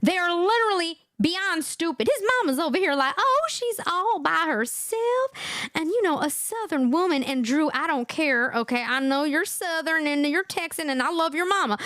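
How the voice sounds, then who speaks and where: Animated, high-voiced woman commentator. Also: no echo, clean studio sound. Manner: animated, scolding, talks to viewers. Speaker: livestream host. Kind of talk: reaction commentary to a chat.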